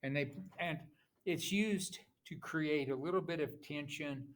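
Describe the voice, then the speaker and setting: Slow, halting male teacher. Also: on the high side. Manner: slow, halting, with many pauses and restarts; taps out rhythms aloud. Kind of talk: classroom lecture.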